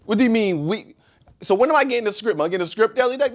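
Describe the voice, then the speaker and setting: High-voiced man telling stories with laughs. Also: fast. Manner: animated, laughing, repeats "listen" to hold the floor. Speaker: comedian and actor guest. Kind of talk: casual storytelling.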